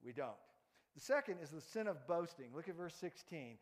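A man's voice: on the high side, lively intonation, brisk, long reverb tail. A male pastor preaching a sermon, telling stories, asking the congregation to repeat after him, and often restarting words. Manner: storytelling, interactive, repeats words.

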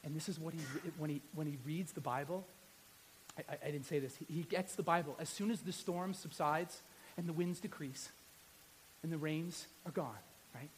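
A man preaching a sermon as a pastor, telling a story with emphatic repetition and swinging between loud and hushed delivery. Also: fairly high pitch, moderate pace, slight background noise.

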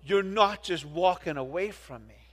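A preacher voicing an indignant baby. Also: male voice, high-pitched, moderate pace, voice pushed down. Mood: accusing. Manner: accusing, theatrical. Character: indignant baby accusing its parent. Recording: long reverb of a large hall.

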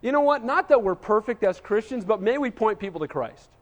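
Pastor guy with a high voice, preaching emphatic and chatty, long hall echo. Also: expressive, a little fast. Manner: emphatic, conversational preaching with frequent "Amen?" asides. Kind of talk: sermon.

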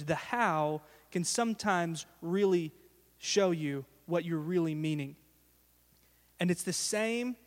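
A man preaching a sermon to his congregation, telling stories in an animated way and acting out the lines he quotes. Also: sits high, big-room sound. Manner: animated storytelling, acts out quotes. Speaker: pastor. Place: church sanctuary.

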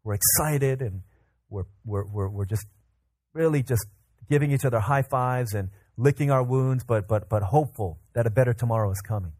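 A man preaching a casual, energetic sermon to a congregation, often repeating and restarting words as he tells everyday examples. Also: mid-range voice, normal speed, dry recording. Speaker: pastor. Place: church service with congregation.

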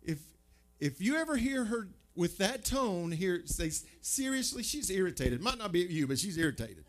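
A pastor preaching a sermon, conversational and emphatic, full of rhetorical questions. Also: male voice, sits high, big pitch swings, moderate pace.

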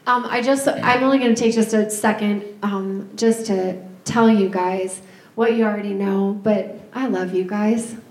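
A woman's voice: medium pitch, steady tone, unhurried, a little mellow. A woman, a pastor's wife, giving a heartfelt, tearful farewell to her church. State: crying. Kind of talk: emotional farewell address. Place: church sanctuary. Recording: echoey church sanctuary.

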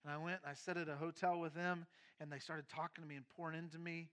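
Bright, high-voiced man pastor. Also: flat delivery, fast talker. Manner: candid storytelling, mixing quiet and emphatic moments. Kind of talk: sermon testimony.

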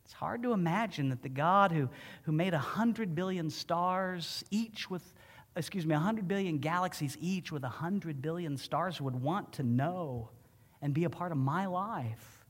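Emotional pastor preaching in a reverberant church. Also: male voice, on the high side, a little slow. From Ohio. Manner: emotional, animated storytelling. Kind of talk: sermon with personal story.

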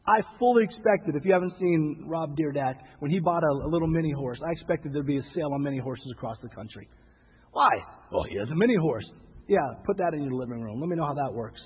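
A man preaching with a somewhat high, husky voice and a conversational, emphatic delivery that repeats phrases and acts out quoted voices. The sound is thin and phone-like, with a long reverb from a large hall. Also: lively intonation, a little fast. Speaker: pastor. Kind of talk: sermon.

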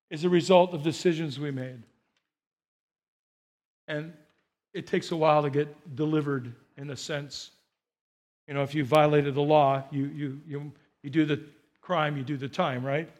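A male pastor preaching a sermon to his congregation, animated, repeating phrases and coaxing the people to answer back. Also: fairly high pitch. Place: church.

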